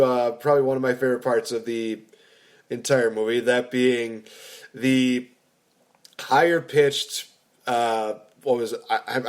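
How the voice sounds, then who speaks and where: Enthusiastic man reviewing a movie. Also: mid-range voice. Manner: enthusiastic, rambling with restarts. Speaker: podcast co-host. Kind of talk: casual movie review chat.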